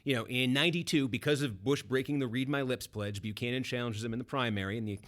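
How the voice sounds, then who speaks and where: Rapid-fire storytelling man from Boston. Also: medium pitch. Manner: animated, detail-packed anecdotes. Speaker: author and guest. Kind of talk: fast political storytelling.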